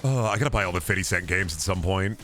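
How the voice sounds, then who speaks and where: A hoarse man streaming a game, chatting casually in a rambling, profane way that keeps restarting. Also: deep voice, quick pace, fairly bright tone, slight background noise. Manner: rambling, profane, self-interrupting. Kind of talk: casual gameplay chat.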